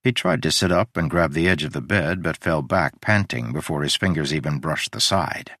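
A man narrating an audiobook in an even, measured way. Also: rumbling low, no echo, clean studio sound.

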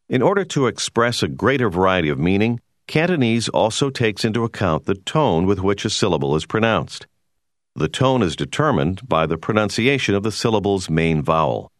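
Male course narrator, deep and expressive, measured explanatory read, dry booth. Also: no room sound. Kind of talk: scripted educational narration.

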